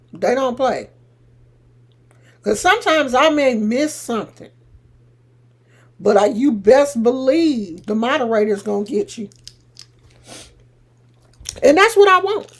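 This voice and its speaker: A woman live streaming and chatting casually with her viewers, teasing and sassy, breaking into loud laughs. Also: high voice.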